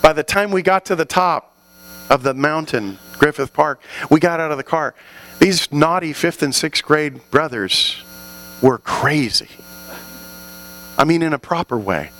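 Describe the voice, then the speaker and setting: A man preaching an animated sermon to a congregation, often building to loud, fervent exhortations. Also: fairly high pitch, a little slow, slight background noise, poor audio.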